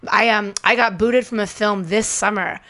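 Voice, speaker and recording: A young woman comedian chatting casually on a talk show. Her pitch sits in the middle and she fills her sentences with loose filler words. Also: steady tone, normal speed, bright, forceful tone. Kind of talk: casual chat.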